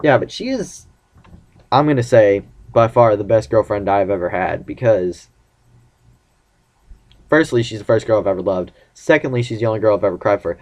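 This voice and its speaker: A man's voice: on the low side, expressive, moderate pace, pauses often, darkish tone. A teenage boy vlogging casually about his relationship, rambling and acting out the lines of the conversations he retells. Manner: rambling, acts out quoted dialogue. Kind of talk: casual personal vlog.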